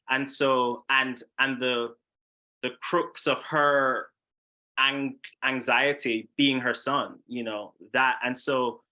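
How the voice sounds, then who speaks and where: Bright-voiced male filmmaker, halting. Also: mid-range voice. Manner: halting, many restarts. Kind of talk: casual panel discussion.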